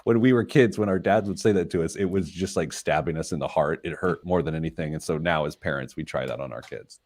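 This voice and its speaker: A financial planner hosting a radio talk show chuckles at himself while telling casual, self-mocking stories. His voice rumbles low with a darkish tone, and his pace is quick.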